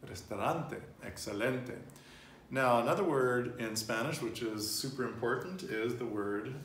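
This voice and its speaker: A man's voice: medium pitch, measured pace, a bit bright, slight background noise. A man in his thirties teaching a casual Spanish lesson at home, chatty and loose, laughing easily and often restarting or wandering off-topic. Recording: roomy home recording, faint ambience.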